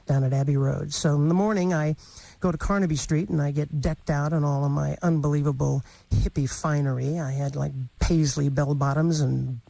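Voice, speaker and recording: Chatty morning dj guy in his 50s, gravelly and kinda high, dry close studio mic. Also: warm tone, no echo. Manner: chatty, laughs often, self-mocking. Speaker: morning radio DJ. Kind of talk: casual radio chat and storytelling. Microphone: studio microphone.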